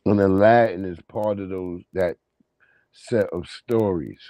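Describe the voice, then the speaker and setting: A man's voice: sits low, a little slow, dark tone, dry recording. A man hosting a livestream, swearing freely and laughing as he tells stories and greets his chat. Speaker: livestream host.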